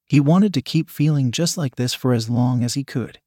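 A man narrating a scripted story in a measured, steady reading manner. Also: mid-range voice, dry recording, studio quality.

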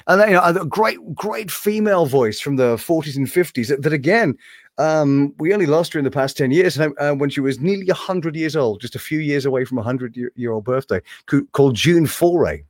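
A man's voice: on the high side, quick pace, dry recording, studio quality. A man who works as a voice actor, talking casually in an interview in a room hung with animation art. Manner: animated, slips between impressions.

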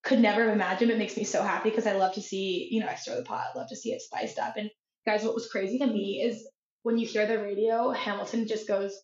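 A young woman co-hosting a casual podcast chat, talking excitedly with lots of "like" fillers. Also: medium pitch, fast talker. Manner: chatty, many "like" fillers, excitable. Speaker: podcast co-host. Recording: echoey room, dull lo-fi sound.

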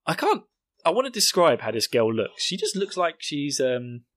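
A man's voice: on the high side, big pitch swings, moderate pace, fairly bright tone, no echo. A young British man hosting a podcast, recapping an episode in a jokey, sarcastic, rambling way. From Britain. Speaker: podcast host.

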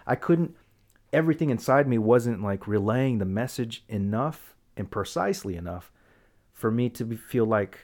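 A man's voice: fairly low pitch, fairly quick. A young man in casual chat, animatedly recounting a family conflict and acting out the voices in it. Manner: animated storyteller, acts out quoted dialogue. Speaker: guest telling a personal story.

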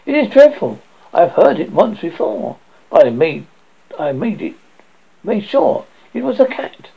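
A man reading aloud and voicing an anxious, frightened middle-aged innkeeper in a quavering, husky, creaky voice on a dull lo-fi recording. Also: sits high, sing-song, measured pace, exaggerated voice. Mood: distressed.

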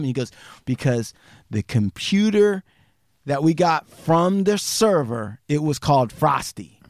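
A man's voice: sing-song, unhurried, no room sound. Male podcast host, storyteller, voices the people he quotes, dry close sound. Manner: acts out quotes with big pitch jumps, swears casually. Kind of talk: animated true crime storytelling.

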